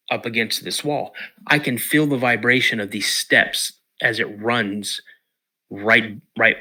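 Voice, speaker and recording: Man from the US Pacific Northwest, podcast guest, emotional halting storytelling, very bright voice. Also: mid-range voice. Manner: emotional, halting retelling with restarts. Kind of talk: personal storytelling interview.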